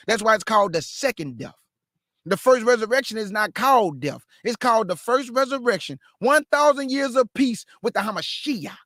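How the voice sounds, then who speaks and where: A man teaching the Bible, reading verses aloud and breaking off to question them with drawn-out emphasis. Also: high-pitched, a bit bright, dry recording, clean studio sound. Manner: reads verse then stops to question it aloud. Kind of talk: street-style scripture teaching.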